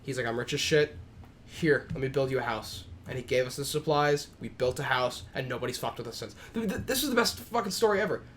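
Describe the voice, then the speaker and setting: A man co-hosting a casual gaming podcast, telling stories in an animated way with a lot of swearing. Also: mid-range voice, fairly quick, a little hiss or hum. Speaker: podcast co-host.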